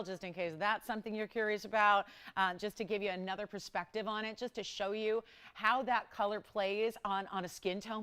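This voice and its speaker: A woman's voice: fairly high pitch, a bit bright. A woman hosting a live TV jewelry shopping show, enthusiastic and repeating words for emphasis. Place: TV studio.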